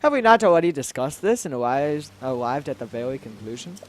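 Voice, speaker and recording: A man voicing an earnest young male fish-folk prince who speaks briskly and reprovingly. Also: medium pitch, big pitch swings, soft background music, lightly acted.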